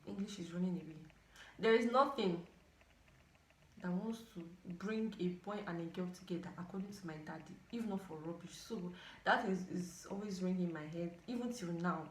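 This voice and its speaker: A woman's voice: on the low side, a little fast, slight background noise. Nigerian woman telling a dramatic story. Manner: animated, dramatic outbursts and asides. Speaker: storytime vlogger. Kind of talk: casual storytelling to camera. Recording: echoey room.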